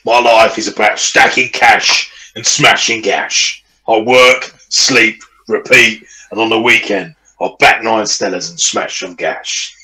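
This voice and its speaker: A man voicing a crude, boastful young bloke who only works and drinks, in a slow gruff drawl. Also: fairly low pitch, bright, forceful tone, rough recording. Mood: swaggering. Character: crude boastful lad, adult male, all work and beer.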